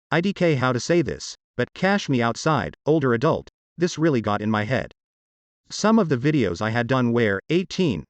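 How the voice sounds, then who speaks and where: A man reads online posts aloud as a channel's narrator. His delivery is matter-of-fact, yet his pitch rises and falls freely. The sound is close and dry, with no room around it. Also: dry recording.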